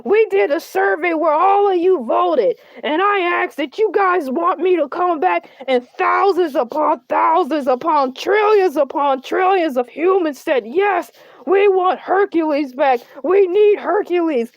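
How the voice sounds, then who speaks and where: A woman's voice: extremely high pitch, unhurried, no room sound, highs cut off. A woman doing a needy, boastful shark host. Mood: indignant. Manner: whiny, self-centered, rambling. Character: boastful needy talk-show shark, male. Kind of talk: comedic character livestream.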